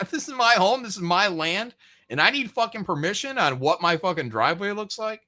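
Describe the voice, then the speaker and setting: Profane ranting man, bright lively voice. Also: high voice, normal speed. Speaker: podcast host. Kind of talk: casual rant on a podcast.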